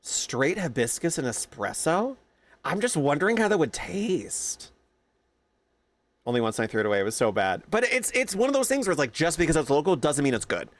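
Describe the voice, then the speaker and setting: A young man streaming, chatting casually with his viewers, telling animated stories and greeting them by name. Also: fairly high pitch, brisk.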